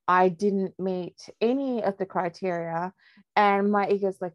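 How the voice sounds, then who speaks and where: A woman, a podcast guest, telling her story in a candid, lively way and laughing often. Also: mid-range voice, a little slow, no echo, dull audio. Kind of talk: casual storytelling interview.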